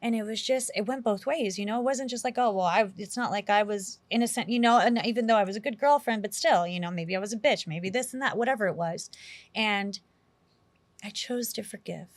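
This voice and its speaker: Brisk and medium-pitched, the middle-aged woman from New York City relates a personal story as a guest in an interview. Her manner is casual and candid, with plenty of "you know" and "like." The sound has no echo.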